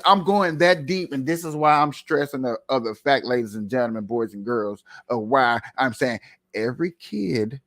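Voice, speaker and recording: A man giving casual commentary to viewers as he plays a clip, animated and ranting, repeating himself often. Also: medium pitch. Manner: animated, repetitive, rambling rants; talks to viewers while playing a clip.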